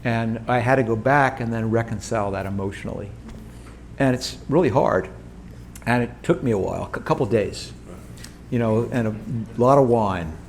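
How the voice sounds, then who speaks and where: A man in his sixties, a company co-founder, telling a story as a guest, lively and animated and often restarting his sentences. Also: mid-range voice, moderate pace, a little hiss or hum. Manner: animated, quotes others in lively voices, frequent restarts. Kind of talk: conversational storytelling on stage. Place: event room with audience.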